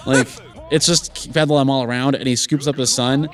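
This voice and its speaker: A man's voice: medium pitch, fairly even intonation, moderate pace. A man chatting on a gaming podcast, rambling through an improvised story with swearing and laughter. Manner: profane, laughing, acts out bits in sudden shouted voices.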